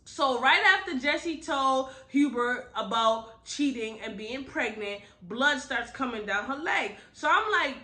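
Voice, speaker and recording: A woman's voice: high-pitched, a little slow, hardly any pauses. A woman giving a casual book review recap, talking bluntly and with lots of slangy asides. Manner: animated, blunt, slangy storytelling with frequent asides.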